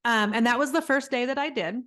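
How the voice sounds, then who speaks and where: A middle-aged woman guest in an interview, telling stories in an earnest, animated way. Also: fairly high pitch, a little fast. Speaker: guest, business coach. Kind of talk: conversational interview.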